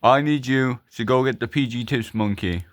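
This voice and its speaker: A man's voice: mid-range voice, moderate pace, natural voice. A man voicing a bossy masked villain who scolds and barks orders at a henchman in a plush toy skit. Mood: scolding.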